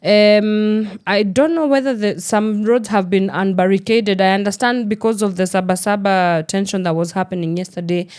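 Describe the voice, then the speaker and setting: A woman's voice: mid-range voice, fairly even intonation, normal speed, few pauses, a little mellow, clean tone. A woman with a Kenyan accent hosting a morning radio show, chatting casually and slipping in Swahili phrases. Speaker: radio host. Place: radio studio.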